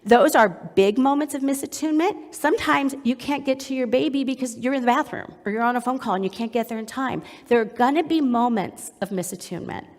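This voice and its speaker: A middle-aged woman with a slightly high voice teaches a webinar as a psychologist. She is demonstrative and slips into gentle, cooing baby talk to show how parents soothe an infant. Her voice carries a long reverb, as if recorded in a large hall. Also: a little fast, few pauses. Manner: demonstrative, acts out soothing a baby in soft tones. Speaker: psychologist presenter. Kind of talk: webinar lecture.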